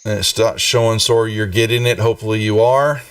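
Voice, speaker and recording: Rambling low-voiced man running a game. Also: steady tone, a little fast, no room sound, far from the mic. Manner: rambling, many fillers and restarts. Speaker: game master. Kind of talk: running a tabletop game on a live stream.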